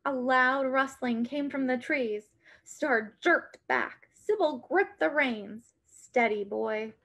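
A woman reading a children's story aloud with an expressive, dramatic delivery. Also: sits high, slow pace.

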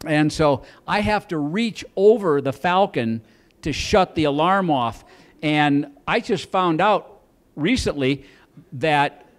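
On a comedy club stage, a middle-aged stand-up comedian spins a long story in a fairly high voice. He rambles, repeats words, and acts out the lines of the people in the tale.

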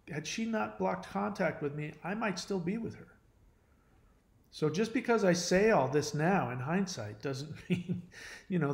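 Man, higher voice, earnest confiding talk, restarts often, echoey room. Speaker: channel host. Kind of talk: casual personal talk to camera.

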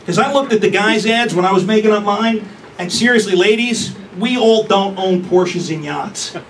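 Brash high-voiced male stand-up comic. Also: moderate pace, a bit bright. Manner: brash, crude, punchy delivery. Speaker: stand-up comedian. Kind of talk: stand-up comedy set. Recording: distant mic with room noise.

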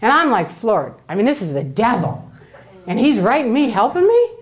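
A woman's voice: a little high, normal speed. Woman telling her story to an audience. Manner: animated, acts out quoted voices, tags lines with "right?". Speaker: speaker giving a public talk. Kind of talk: personal storytelling lecture.

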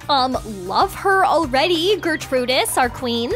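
Excitable high-voiced woman storyteller. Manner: excitable, fast chatter with gasps. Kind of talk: first-person role-play narration of a game. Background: background music.

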